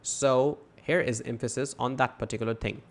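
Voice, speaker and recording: A man's voice: mid-range voice, fairly even intonation, moderate pace. Chatty man teaching English grammar. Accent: South Asian English. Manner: chatty, many fillers like "you know" and "right?"; reads examples aloud, then explains them. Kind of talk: casual online lesson.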